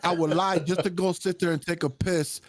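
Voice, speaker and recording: A man's voice: high-pitched, steady tone, a little fast, no echo, studio quality. A man co-hosting a podcast, telling crude stories in casual chat, swearing a lot and laughing often. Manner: profane, storytelling, laughs often. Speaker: podcast co-host.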